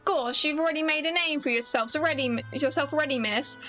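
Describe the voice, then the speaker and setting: A woman's voice: high-pitched, quick pace, pushed and bright, soft background music, pitched above the performer's own voice. A British woman reading aloud as an eager young male police sidekick.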